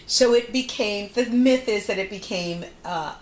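A woman's voice: medium pitch, measured pace, roomy sound. A woman hosting a live cooking show from her home kitchen, chatting while she explains each step.

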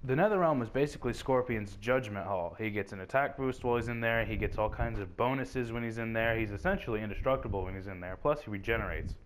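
Young man, low voice, casual fan debate chat, rambling restarts, faint background hiss. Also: fast, few pauses. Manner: rambling, restarts and stammers when excited. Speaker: co-host.

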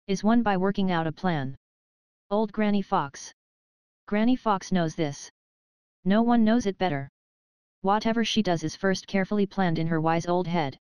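A woman narrating a children's animal storybook audiobook in an even, measured reading. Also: lowish voice, smooth, dry recording.

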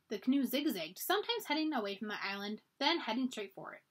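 A woman's voice: on the high side, expressive, fast, a bit bright. A woman reading a children's storybook aloud for a library, narrating expressively.

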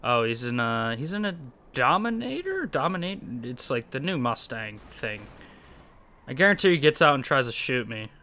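A young man giving casual, excitable commentary over his own gameplay, laughing often and talking to himself. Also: medium pitch, moderate pace, slight background noise. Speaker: gaming YouTuber.

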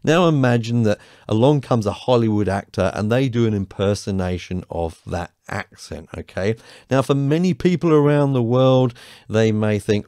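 A man's voice: medium pitch, animated, moderate pace, mellow, no room sound. A man teaching music production in a home studio, explaining patiently step by step and checking in with the listener. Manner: patient, reassuring, explains step by step with frequent "okay?". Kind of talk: tutorial explanation.

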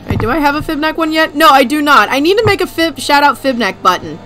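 A woman streamer giving casual, excitable gameplay commentary, giggling, swearing and reading game text aloud. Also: high voice, fast, soft background music, rough recording. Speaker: let's play streamer.

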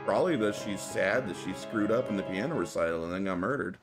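Animated male streamer, lively pitch. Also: fast talker. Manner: reacts aloud to the game and chats with viewers. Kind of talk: live gameplay commentary. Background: game music.

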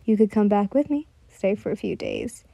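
A woman voicing a calm, loyal young man from a royal court, gentle and reassuring, while reading a story aloud. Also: mid-range voice, normal speed, creaky, no echo, dull audio.

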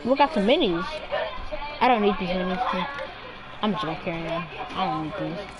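A woman chatting casually while playing an online game, teasing a teammate over and over and yelling now and then. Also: fairly low pitch, lively intonation, normal speed. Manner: taunting, repetitive teasing; loud, yelling outbursts. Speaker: gamer. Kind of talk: casual gaming chat.

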